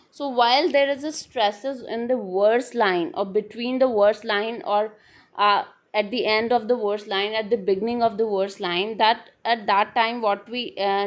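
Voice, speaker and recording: A woman explains a literary term in a lecture, repeating her definitions and pausing on fillers. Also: medium pitch. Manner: repetitive, restating definitions with frequent fillers. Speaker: literature teacher.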